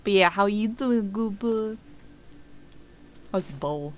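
A woman's voice: mid-range voice, lively intonation, slow. A woman streamer chatting casually over gameplay, giggling often and talking to her chat.

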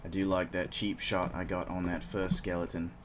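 A man giving casual gameplay commentary as host, excitable, swearing casually and talking to himself. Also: low-pitched, normal speed. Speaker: let's play host. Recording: clear background noise.

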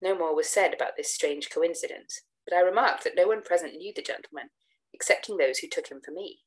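A woman reading a gothic tale in measured, expressive first-person narration. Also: lowish voice, rough recording. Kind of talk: literary narration read aloud.

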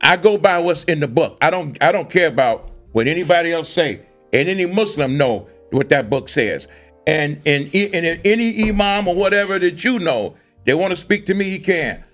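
An emphatic male podcast host with a fairly high voice, circling back over his words as he makes a point. He talks in a loose, conversational way. Faint music sits under his voice. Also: animated, moderate pace, a bit bright. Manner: emphatic, repeats himself, restarts. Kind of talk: casual panel discussion.

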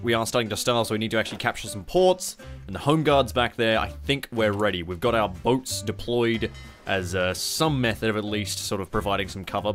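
A man with an Australian accent giving casual, sweary, excitable commentary while playing a strategy game on a close mic. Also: lowish voice. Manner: sweary, excitable, sarcastic asides. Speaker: gaming YouTuber.

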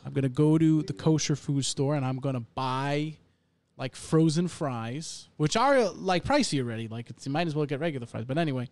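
A man hosting a podcast, chatting casually in an excitable, slangy way and often jumping in. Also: fairly high pitch, brisk, no room sound. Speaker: podcast host.

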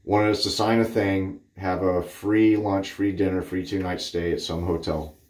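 A man's voice: deep voice, little pitch movement, normal speed, darkish tone. A man from Cape Cod giving a blunt, rambling, candid shaving product review in his bathroom. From Cape Cod, Massachusetts. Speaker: shaving vlogger. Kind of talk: casual product review chat. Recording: roomy echo.

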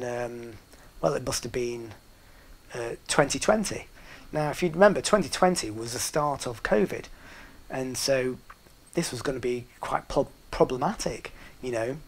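Here a middle-aged northern English man tells a casual anecdote in a mid-range, expressive voice with vocal fry, at a measured pace. His delivery is loose and hesitant, packed with fillers and restarts, and he laughs along as the tale unfolds.

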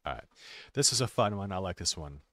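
Lively, low-pitched man teaching English. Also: no echo. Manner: slow, simple wording with many restarts and fillers; drops to quiet mutters while fixing his stream. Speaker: ESL teacher streaming. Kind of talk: casual talk for English learners.

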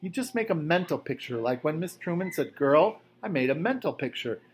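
A man reading aloud, voicing a cheerful, lonely old retired electrician who gets childishly excited. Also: fairly high pitch, fairly quick, a little hiss or hum, voice pushed up. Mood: eager.

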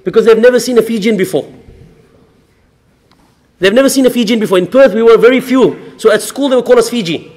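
A high-pitched man delivers a mosque sermon, stacking rhetorical questions and repeating key lines. His voice carries a long reverberant tail from the mosque hall. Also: a little fast, pauses often, darkish tone. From Australia. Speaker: sheikh giving a mosque lecture.

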